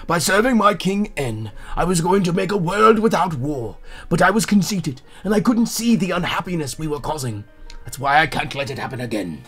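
A man reading game dialogue in a slow, solemn voice as a repentant former villain. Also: fairly high pitch, lively intonation, husky, soft background music. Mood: remorseful.

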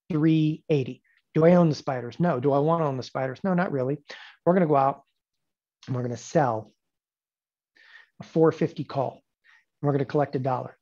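A man in his forties teaching options trading in a lecture, emphatic and sarcastic, with animated bursts. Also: on the high side, a little fast, husky, highs cut off. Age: 40s.

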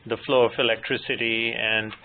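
Man in his fifties, presenter of a measured technical lecture, mid pitch, phone-line audio with faint hiss. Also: level tone. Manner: measured, anecdotal, gently humorous. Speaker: moderator and presenter.

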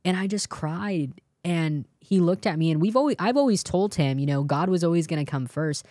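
A young California woman gives her testimony in an interview, speaking at a moderate pace in a lowish, warm voice. The studio-quality recording has no room sound. She tells it earnestly, performing the words of the people she describes.

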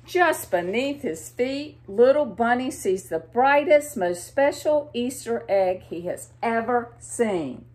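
A woman with a Southern American accent reading a storybook to children in a gentle, expressive way, asking them questions. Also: on the high side, slow, few pauses.

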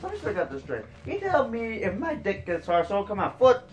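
High voiced dude arguing w/ friends, quick comebacks, swoopy voice. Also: male voice, huge pitch swings, soft background music. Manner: argumentative, quick retorts and laughing disbelief. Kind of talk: casual chat among friends.

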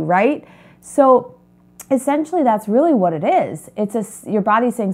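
A woman with a fairly high voice speaks straight to her viewers as a health coach. She sounds earnest and confiding, as if she were opening up to friends. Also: animated, normal speed, a little mellow, slightly rough. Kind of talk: personal testimony to camera.

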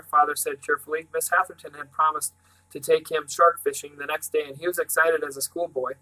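A man reading a novel aloud, narrating plainly and shifting lightly into character voices. His voice is bright and fairly high for a man. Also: level tone, fairly quick, low-quality recording. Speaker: reader.

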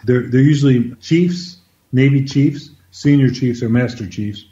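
Story-telling man, dark dull sound. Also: medium pitch, measured pace. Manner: animated anecdotal, repeats words when starting sentences. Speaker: interview guest, former White House officer. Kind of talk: conversational storytelling.

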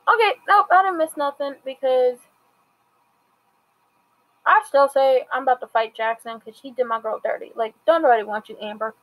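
A chatty woman reviews a TV episode, her voice sitting a little high. She retells scenes by acting out bits of dialogue, loose and conversational throughout. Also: moderate pace, a bit bright, rough recording. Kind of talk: casual recap and commentary.

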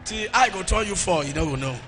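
A Nigerian man preaching a deliverance sermon in church, animated and often shouting. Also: high-pitched, quick pace, loud music behind the voice. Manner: animated, shouting, mimics people. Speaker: pastor.

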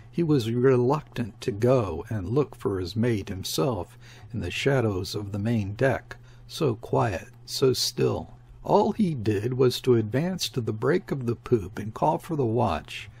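Husky male audiobook narrator. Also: mid-range voice, a little mellow. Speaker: audiobook reader. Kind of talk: scripted narration.

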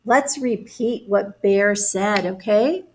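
Slow, encouraging woman reading to children. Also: mid-range voice, husky, poor audio. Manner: warm, slow, encouraging, explains words. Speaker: teacher reading aloud to children. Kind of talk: children's read-aloud with questions.

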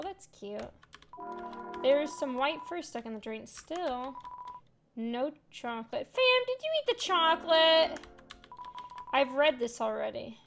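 A woman's voice: high voice, background noise. A woman hosting a let's play, chatting casually and playfully while reading game text aloud over game music. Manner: playful, reads game text aloud, calls viewers fam. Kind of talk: casual gaming commentary.

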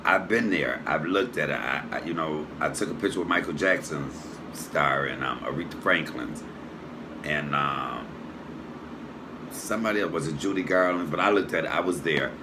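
Male comedian host, very low voice, loose rambling tribute, steady hum behind. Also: moderate pace. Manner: warm, rambling, with fillers and self-corrections. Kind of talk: casual tribute to camera. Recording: steady background noise hum.

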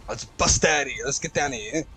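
A man hosting a let's play, reacting loudly and profanely, yelling at the game as he plays. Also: mid-range voice, fairly quick, husky. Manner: excitable, profane, shouts at the game. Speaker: gaming channel host.

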